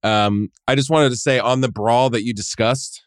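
A man co-hosting a podcast in casual chat, quick and jokey, often trailing off mid-thought. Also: mid-range voice, fairly even intonation, no echo, clean studio sound. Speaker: podcast co-host.

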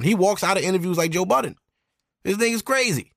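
Gravelly man trading sports banter. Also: high voice, fast, dry recording, studio quality. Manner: animated, profane, mimics athletes' interview voices. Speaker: podcast co-host.

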